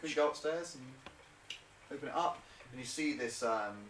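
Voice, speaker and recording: A man acting as game master narrates a tabletop game, rambling with lots of fillers and hesitations. His voice is medium-pitched and a bit bright, at normal speed, recorded roomy and distant with a little hiss or hum.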